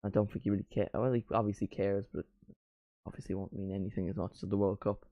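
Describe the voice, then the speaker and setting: A man's voice: fairly low pitch, level tone, no echo, highs cut off. Chatty man calling football live. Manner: chatty, rambling, with quick play-by-play calls. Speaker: watchalong streamer. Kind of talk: live football watchalong commentary.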